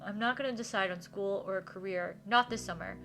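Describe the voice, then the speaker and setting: A woman reading aloud the quiet lines of a gentle, troubled young man in a game. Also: medium pitch, a little fast, faint music behind, natural voice. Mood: subdued. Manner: quiet, subdued reading of dialogue.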